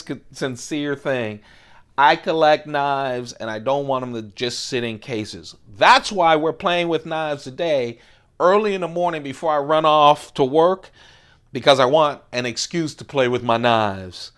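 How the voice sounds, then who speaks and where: An older man chatting casually to camera as a collector, enthusiastic, slipping into hushed, admiring murmurs. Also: fairly high pitch, clean tone. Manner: slow, enthusiastic, drops to hushed murmurs over knives. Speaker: knife collector vlogger.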